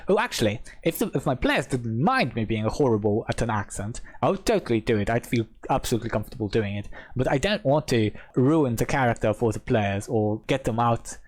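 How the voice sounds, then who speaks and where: In this rulebook readalong, a Polish-speaking male host with a fairly low voice reads the game's rules aloud. He goes through the text steadily before drifting into casual remarks where he second-guesses himself.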